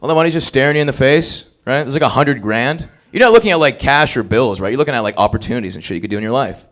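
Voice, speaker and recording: Stand-up host, man, crude crowd-work, pitch jumping all over on a stage mic. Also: expressive, racing, fairly bright tone. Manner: crude, profane, crowd-working banter. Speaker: open mic host comedian. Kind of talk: stand-up comedy hosting. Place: comedy club stage.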